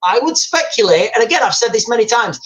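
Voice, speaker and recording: A man's voice: very high voice, very animated, fast talker, fairly bright tone, low-quality recording. A man hosting a live news commentary stream. He rambles, repeats himself, speculates aloud and reads viewer comments and headlines off the screen.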